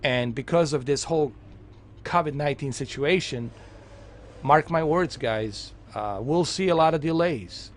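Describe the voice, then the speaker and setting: A man's voice: fairly high pitch, slight background noise. Chatty, rambling man gaming vlogger. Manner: rambling, chatty, many fillers and restarts. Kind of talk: casual chat while gaming.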